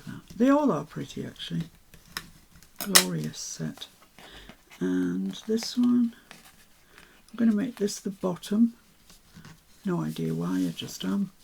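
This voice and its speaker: A woman chatting casually to herself as she works on a papercraft project, with soft asides. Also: fairly low pitch, big pitch swings, slow pace, creaky, long pauses, background noise. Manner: chatty, self-talking while working, soft asides. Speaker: papercraft vlogger. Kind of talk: casual crafting commentary.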